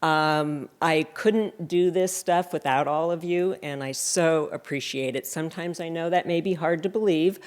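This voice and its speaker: A woman's voice: sits low, normal speed, few pauses, darkish tone. A woman in her fifties giving a wry, self-deprecating acceptance speech at a library reception. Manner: sarcastic, self-deprecating humor. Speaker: award recipient giving thanks.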